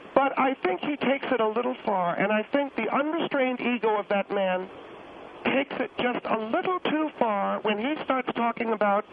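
A man's voice: extremely high pitch, vocal fry, voice pushed up, heavily acted. A man voicing a prickly, defensive middle-aged woman caller who gets muddled with numbers and takes offense, heard over a phone line. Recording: noisy tinny phone line.

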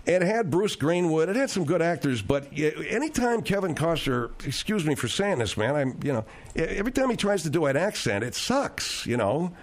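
Male radio host, rambling stories, lots of restarts, animated lively pitch, slightly high voice. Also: moderate pace. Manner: rambling, digressive storytelling with restarts. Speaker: radio talk show host. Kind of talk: radio talk show chat.

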